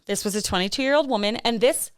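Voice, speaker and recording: Speaking quickly in a clear, resonant, rather high voice, a woman from the American Midwest co-hosts a true-crime podcast. Her storytelling is loose and chatty, dotted with laughs and fillers. The studio-quality sound has no echo.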